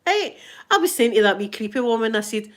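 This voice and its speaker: A woman's voice: on the high side, big pitch swings, a little fast. A middle-aged woman with a Scottish accent, chatting casually to camera in a rambling, laughing way. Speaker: vlogger. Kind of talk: casual chat.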